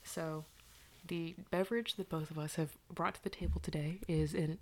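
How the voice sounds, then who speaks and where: A woman's voice: low-pitched, steady tone, normal speed, darkish tone, slight background noise. A woman co-hosting a podcast in whispered ASMR style, joking and switching between whispers and normal talk, close to the mic in a dorm room. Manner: jokey, mixing whispers with plain talk. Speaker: podcast co-host. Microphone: sock as pop filter, close up.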